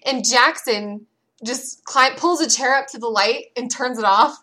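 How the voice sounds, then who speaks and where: Bright-voiced mom telling stories. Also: female voice, fairly high pitch, unhurried. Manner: animated storyteller, acts out her kids' voices. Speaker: podcast co-host. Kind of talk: casual chat.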